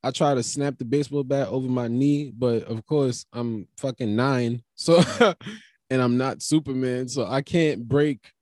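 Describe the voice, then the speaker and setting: A man delivering a rambling, profane comic monologue, wandering through tangents, restarting sentences and now and then bursting into animated high riffs. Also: unhurried, dry recording, clean studio sound.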